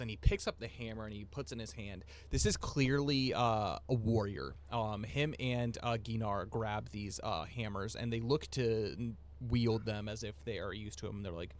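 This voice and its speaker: A man as game master, narrating a tabletop game and explaining the rules in a halting, thinking-aloud way. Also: fairly low pitch.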